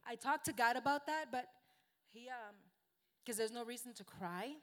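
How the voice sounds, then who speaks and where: A woman with a high, bright-pitched voice delivers a sermon in a chatty, earnest way. She is a native Spanish speaker and pokes gentle fun at herself as she talks. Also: lively intonation, normal speed. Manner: earnest, conversational, self-deprecating. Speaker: guest preacher.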